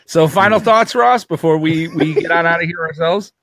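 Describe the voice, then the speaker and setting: Playful male co-host, slightly high and animated, dry sound. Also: normal speed, dry recording. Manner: playful and teasing. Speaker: podcast co-host and engineer. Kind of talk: casual call-in show chat.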